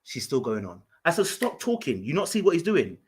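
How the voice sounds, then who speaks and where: A man from Ghana, telling an animated story in casual podcast chat, full of fillers and restarts. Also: fairly high pitch, fast talker, breathy edge. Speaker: podcast guest.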